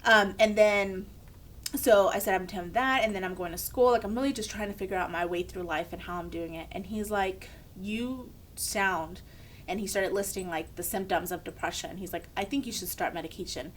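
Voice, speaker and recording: A woman's voice: mid-range voice, moderate pace, slight background noise. A young woman, a podcast co-host, telling a candid personal story in casual chat and acting out the people she quotes.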